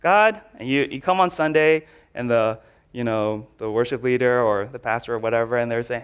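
A man's voice: mid-range voice, fairly quick, clear, resonant tone. A man preaching a casual sermon, telling stories in a chatty way with lots of filler words.

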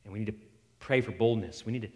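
A man preaching a sermon in an animated way, acting out quoted voices and often restarting his sentences. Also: lowish voice, fast, in a large hall.

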